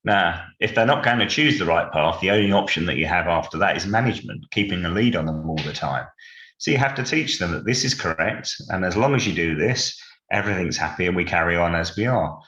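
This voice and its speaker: A man with a very deep voice explains dog training in a measured, steady way on a podcast. His sound is roomy and echoey, a bit dull. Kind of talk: casual podcast chat.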